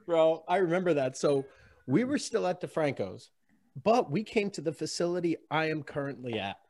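A man's voice: on the high side, moderate pace. A man, a strength coach, telling profane stories in casual chat with plenty of laughter. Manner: animated, profane, lots of laughter, big shouts in reenactments.

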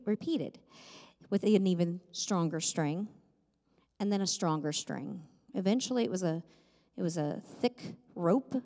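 A woman with a lowish, mellow voice delivers a sermon inside a church sanctuary, where a long echo fills the hall. She keeps it conversational, poking fun at herself with gentle humor.

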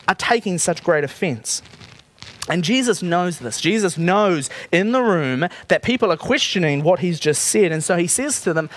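A man preaching a sermon, reading from the Bible and explaining it in a conversational way, asking his listeners questions. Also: high voice.

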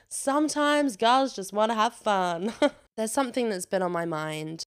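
A young woman hosting a casual solo podcast, chatty and sweary, laughing often and getting animated when she rants. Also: medium pitch, clear, resonant tone. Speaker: podcast host.

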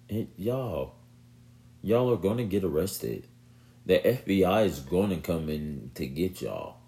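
Male vlogger, low voice that swings widely in pitch, unhurried, animated talk to camera. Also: vocal fry. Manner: animated, talks straight to the audience, laughs and repeats himself. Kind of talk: casual commentary to camera.

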